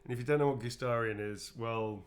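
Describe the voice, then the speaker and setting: This man's mid-range voice moves briskly. An actor on a livestream, he sounds tired as he chats casually, rambling and playful, calling viewers "darlings" while drawing sketches they requested.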